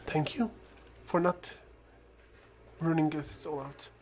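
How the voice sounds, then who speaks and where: A gamer with a non-native accent narrating a stealth game in a calm, coaching way, often dropping to a whisper. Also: medium pitch, takes it slowly, a little hiss or hum. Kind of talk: gameplay commentary.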